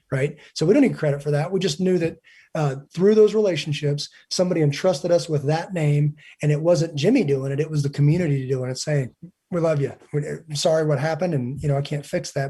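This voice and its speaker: A man's voice: on the high side, warm tone, breathy edge. A man in his forties, a podcast guest, telling earnest stories in casual conversation and acting out the dialogue. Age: 40s. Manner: earnest storyteller who acts out quoted dialogue.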